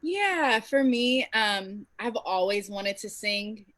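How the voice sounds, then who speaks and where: This woman speaks with a bright, tense edge, heartfelt and reflective, and pauses now and then with "um." She is a singer and teacher speaking on a video call. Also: mid-range voice, expressive. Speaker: singer and educator. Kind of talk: casual panel chat.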